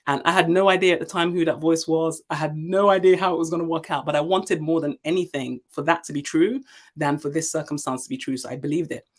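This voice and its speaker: A woman's voice: deep voice, fast talker. Emphatic woman in her forties from Nigeria. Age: 40s. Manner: emphatic, animated storytelling with many fillers. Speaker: guest, leadership speaker. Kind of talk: personal storytelling in an interview.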